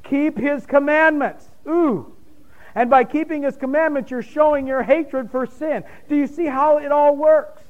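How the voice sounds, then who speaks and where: A man's voice: very high-pitched, a little slow, phone-quality sound. A man preaching a sermon with emphatic bursts and questions thrown to the congregation. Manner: emphatic, rising to loud points, quizzes the congregation.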